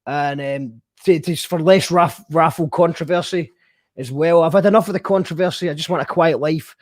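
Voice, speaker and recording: A man with a high, light voice hosts a loose, casual chat. He rambles and jokes while he works things out aloud. The sound is dry and close. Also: normal speed, dry recording. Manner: rambling, jokey, thinks aloud. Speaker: podcast host.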